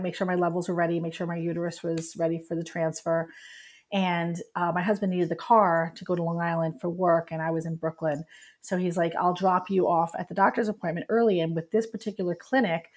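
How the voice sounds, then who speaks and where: A middle-aged woman guest telling a personal story candidly and with feeling, laughing at times as she recalls it. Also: lowish voice. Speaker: guest, writer.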